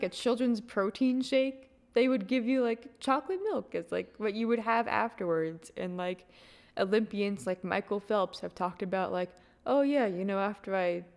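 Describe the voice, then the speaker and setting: A playful woman co-hosting a podcast, chatting casually and giggling often. She speaks at a middling pitch. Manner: playful, giggly, reads aloud with mock formality. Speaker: podcast co-host. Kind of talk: casual chat.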